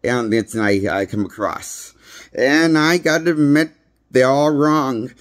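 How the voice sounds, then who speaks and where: A man's voice: medium pitch, unhurried. A man giving a rambling, blunt casual movie review, recorded on a handheld phone. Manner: rambling, blunt, repeats himself. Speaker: movie critic.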